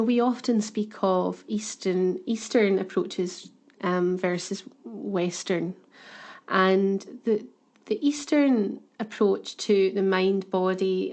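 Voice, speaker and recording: Woman podcast co-host, earnest thoughtful chat, keeps restarting words. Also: mid-range voice. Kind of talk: casual chat.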